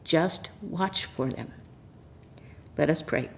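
A woman reads scripture aloud at a church service, then turns to the children with a gentle storytelling manner. Her voice sits at an ordinary middle pitch. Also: animated, unhurried. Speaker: lay reader and children's message leader. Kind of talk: scripture reading and children's sermon.

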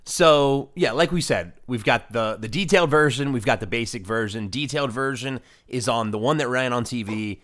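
A man with an ordinary middle-pitched voice hosts a podcast. He recaps a show in easygoing chat, with a few fillers. His voice drops off at the ends of his phrases. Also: normal speed, few pauses, fairly bright tone, faint music behind. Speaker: podcast host.

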